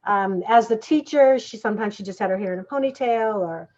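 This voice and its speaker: A woman's voice: medium pitch, a little fast, darkish tone, a little hiss or hum. A woman guest on an interview podcast, recalling her days acting on TV in an easygoing, reminiscing way. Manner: easygoing, reminiscing, affirming often. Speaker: guest, former TV actress and dancer. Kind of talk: casual interview conversation. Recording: dull lo-fi audio.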